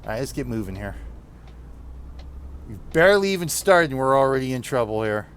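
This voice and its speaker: A man's voice: medium pitch, big pitch swings, a little fast, fairly bright tone, clean tone. An American man with a Northeastern accent chatting with viewers while he plays, rambling and laughing often. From United States. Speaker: streamer. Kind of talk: gameplay commentary chatting with viewers.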